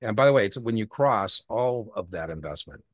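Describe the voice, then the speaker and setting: A man's voice: on the low side, moderate pace, dry recording. A man teaching an exam prep class in a conversational way, telling anecdotes and acting out the dialogue in them. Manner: animated storytelling, acts out dialogue; repeats key points for emphasis.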